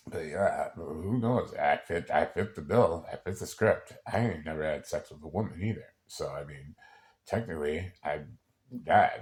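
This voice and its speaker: A man with an extremely deep, low voice talks in a loose personal monologue. He wanders from point to point, swears often and breaks off to restart his sentences. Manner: rambling and profane, with many halting restarts.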